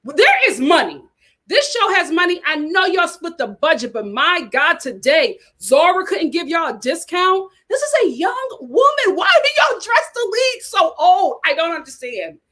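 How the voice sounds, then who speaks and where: A woman ranting as a reality TV commentator, talking in an animated, exasperated way. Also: very high voice, moderate pace. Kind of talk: casual chat.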